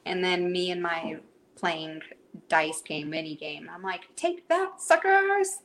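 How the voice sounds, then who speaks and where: A woman's voice: low voice, flat delivery, unhurried, fairly bright tone, a little hiss or hum. A woman in her thirties chatting casually as a podcast guest, laughing often as she talks. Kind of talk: casual chat.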